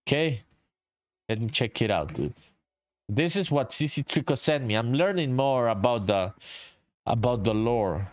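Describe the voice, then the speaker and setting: A man's voice: mid-range voice, animated, unhurried, long pauses, no room sound. A man streaming his indie game development, chatting casually with viewers, reading comments aloud, saying dude a lot and swearing freely. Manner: laid-back, swears often, calls everyone dude, reads chat aloud. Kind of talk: casual live-stream chat while working.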